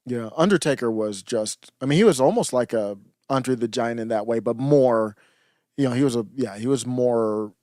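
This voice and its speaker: A man's voice: medium pitch, moderate pace, darkish tone, no echo, clean studio sound. A man co-hosting a podcast, chatting casually and nostalgically, often trailing off and restarting his sentences. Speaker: podcast co-host. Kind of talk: casual chat.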